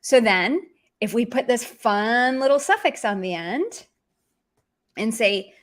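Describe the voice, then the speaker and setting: A woman giving an online language lesson in a slightly high voice. She explains things in a chatty, informal way and slips into sarcastic tones to act out her examples. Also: expressive, slow pace. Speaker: language teacher.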